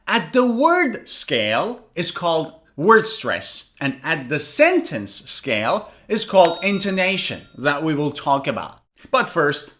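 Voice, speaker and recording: A man teaching an online pronunciation lesson, talking in a lively, animated way and drilling words slowly for listeners to repeat. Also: sits high.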